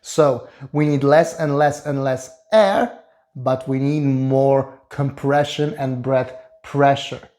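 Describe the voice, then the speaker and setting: A man who is a vocal coach, explaining singing technique in a calm, instructive way. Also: mid-range voice, takes it slowly. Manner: explains calmly, then sings short staccato and fry demonstrations. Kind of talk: singing lesson with sung demonstrations.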